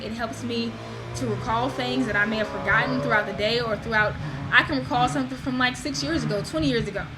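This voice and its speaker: A woman vlogging to her camera in a loose, animated way, leaning hard on words for emphasis and poking fun at herself. Her voice sits a little high, and a clear hiss of noise runs under the recording. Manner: animated, emphatic, self-deprecating. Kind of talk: casual chat to camera.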